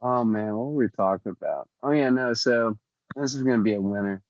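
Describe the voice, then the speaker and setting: A man co-hosting a podcast, telling stories in casual chat, swearing a lot and getting animated. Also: mid-range voice, fairly quick, no echo, dull audio. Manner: profane, animated storyteller. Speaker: podcast co-host.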